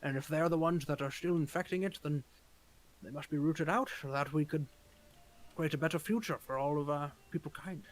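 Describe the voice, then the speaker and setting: A man voicing an old male leader of dragon hunters, earnest and weary, speaking in a halting, grave, formal way. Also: a little high, lightly acted, rough recording. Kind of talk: role-playing a tabletop game character.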